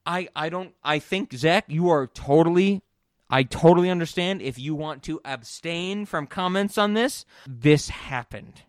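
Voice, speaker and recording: Rambling, animated man on a podcast. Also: fairly high pitch, a little slow, no echo, clean studio sound. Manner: rambling and animated, swears freely, many fillers. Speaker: podcast host. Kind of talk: casual chat.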